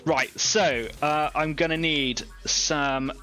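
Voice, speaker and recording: Chatty Devon man, bright tone. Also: fairly high pitch, steady tone, slow, faint music behind. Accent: West Country English. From Devon, England. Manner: chatty, rambling, laughs often, thinks aloud. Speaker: painting club co-host. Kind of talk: casual livestream chat while painting miniatures.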